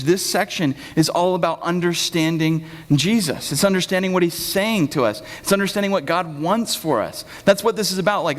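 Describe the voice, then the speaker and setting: A young man giving a sermon as pastor, talking casually and joking, acting out quotes in lively voices. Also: high-pitched. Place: church hall. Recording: long hall reverb.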